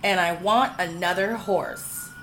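A woman's voice: on the low side, slow pace, a bit bright, a little hiss or hum. A woman voicing a spoiled, scheming young woman who snaps impatiently. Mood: petulant. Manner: snappish, impatient.

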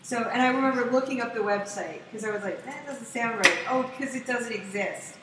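A woman telling a story in casual chat, excitable and profane, acting out what people said in loud voices. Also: a little high, brisk. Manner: profane, excitable, acts out quotes loudly. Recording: echoey room, distant mic, faint noise.

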